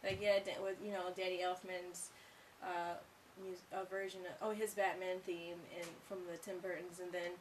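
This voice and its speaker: A woman's voice: lowish voice, flat delivery, normal speed, a little hiss or hum. Gushing woman, slightly far from the mic. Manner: gushing, enthusiastic, repeats herself. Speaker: co-host of a video game review. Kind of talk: casual chat.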